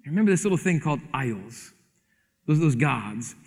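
A man's voice: medium pitch, very animated, normal speed, vocal fry. A man preaching a sermon, telling stories animatedly and acting out the dialogue. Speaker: pastor. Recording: hall reverb.

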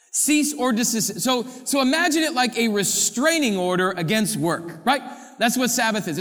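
High-voiced man preaching in a big hall. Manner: animated, rhetorical questions, playful asides. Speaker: pastor. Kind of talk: sermon.

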